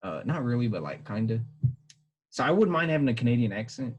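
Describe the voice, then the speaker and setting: A husky-voiced young man chats loosely as a podcast co-host. His pitch swings up and down in a lively way. He rambles and hedges, often correcting himself mid-thought. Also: a little fast, dull audio. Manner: rambling, hedging, self-correcting. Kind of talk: casual chat.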